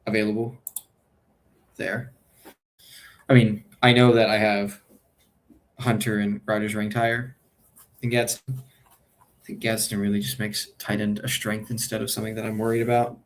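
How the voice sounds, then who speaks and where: A man with a fairly low voice talks through his picks as a streamer. His delivery is casual and unscripted. He second-guesses himself, trails off and corrects himself mid-sentence. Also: a little hiss or hum. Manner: muses aloud, hesitant and self-correcting. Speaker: fantasy football streamer. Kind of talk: casual think-aloud draft commentary.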